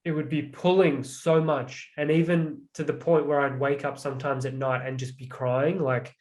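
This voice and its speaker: A man's voice: on the high side, level tone, moderate pace, darkish tone. A young man, a transformational coach, explaining with many "like" fillers and acted-out examples in an earnest, reflective way. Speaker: transformational coach, podcast guest.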